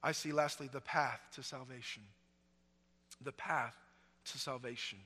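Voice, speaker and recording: A middle-aged male pastor preaching a sermon, swinging from loud, emphatic peaks down to hushed, low passages. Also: fairly even intonation, measured pace. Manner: preaching with sweeping swings in volume, from near-shouts to hushed lows. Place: church sanctuary. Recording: long church-hall reverb.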